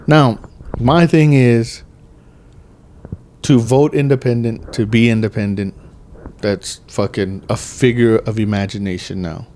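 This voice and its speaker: A man's voice: mid-range voice, steady tone, unhurried, long pauses, darkish tone, a little hiss or hum. A man in his thirties hosting a podcast, rambling and joking with heavy swearing in casual chat. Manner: profane, rambling, jokey. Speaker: podcast host.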